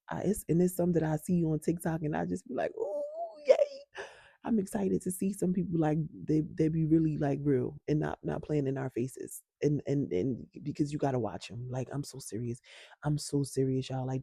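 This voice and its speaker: Woman, wellness vlogger, casual talk to camera, emphatic, dark husky tone, dry close sound. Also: sits low, no echo. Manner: candid and emphatic, swears freely.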